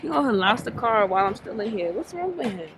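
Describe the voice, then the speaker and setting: A woman's voice: a little high, very animated, fast talker. Chatty young woman vlogging on errands. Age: 20s. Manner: chatty, addresses viewers as y'all. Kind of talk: casual vlog chat. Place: out running errands, car and stores. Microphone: handheld camera. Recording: camera audio with clear background noise.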